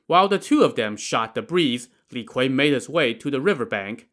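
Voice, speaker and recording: A man's voice: medium pitch, animated, normal speed, hardly any pauses, fairly bright tone. A man narrating a classic tale in a casual way, with joking asides. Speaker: storyteller.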